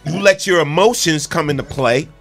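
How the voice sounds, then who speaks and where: A man's voice: fairly high pitch, normal speed, vocal fry, a bit bright, faint music behind. A man hosting a live radio talk panel, steering the question and making his point bluntly, with plenty of repeats. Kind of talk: heated live radio debate.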